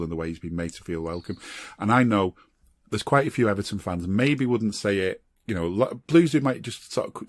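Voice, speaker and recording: Deep voiced scouse bloke chatting football, lively, laughs a bit, dry mic. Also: male voice, dry recording. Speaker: podcast co-host. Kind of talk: casual football chat.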